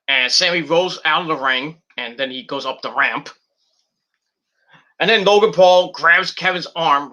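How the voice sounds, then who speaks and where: Man, casual wrestling reviewer, rambling and foul-mouthed, tense and cutting tone, slightly high. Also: bright, forceful tone. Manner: profane, blunt, rambling play-by-play. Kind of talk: casual match recap.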